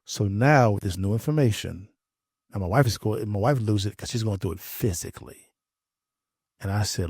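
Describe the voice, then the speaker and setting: A man with a fairly low voice tells a deeply personal story in an earnest, halting way, often repeating his words. The sound is dry and close, with no room around it. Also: lively intonation, creaky, darkish tone, breathy edge, no echo. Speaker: interview guest.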